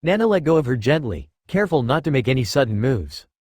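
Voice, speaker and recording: A man reading fan fiction aloud as narrator, with steady, expressive storytelling. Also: medium pitch, quick pace, dry recording, clean studio sound.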